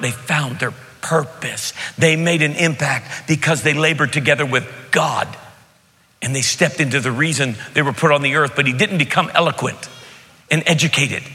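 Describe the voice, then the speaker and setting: A man from Pennsylvania preaching a sermon as pastor, emphatic and repeating key lines, dropping at times to a hush. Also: fairly high pitch. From Beaver County, Pennsylvania. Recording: long hall reverb.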